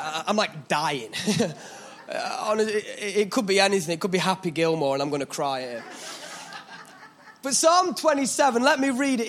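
A man's voice: high-pitched, a bit bright. A young man with a British English accent preaching a sermon from a church stage in a chatty, joking, self-deprecating way.

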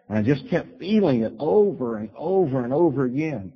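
Man preacher, husky, storytelling sermon, muffled lo-fi sound. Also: medium pitch, fairly quick, hardly any pauses. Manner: storytelling, animated bursts when quoting himself. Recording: dull lo-fi recording.

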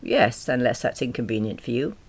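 A woman narrator puts on a smooth, confident man with a rich voice who talks politely with a faint tease. His voice swings widely in pitch and carries a gravelly, husky edge, told in a storybook reading. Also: big pitch swings, brisk. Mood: courteous. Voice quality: rich, deep. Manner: polite, lightly teasing.

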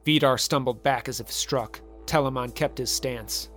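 A man narrating a dramatic legend in a measured, vivid storytelling manner. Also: medium pitch, a bit bright, soft background music.

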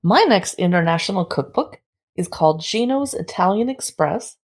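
This woman from San Diego, in the United States, has a fairly low, slightly mellow voice and speaks at a moderate pace with plenty of expression. She co-hosts a relaxed chat, reviewing cookbooks with a playful, teasing touch.

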